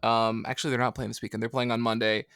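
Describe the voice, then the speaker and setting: A man's voice: mid-range voice, level tone, quick pace, a bit bright, clean tone, no room sound, clean studio sound. A man co-hosting a casual comics podcast, rambling and joking at his own expense. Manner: rambling, joking, self-deprecating. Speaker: podcast co-host. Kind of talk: casual chat.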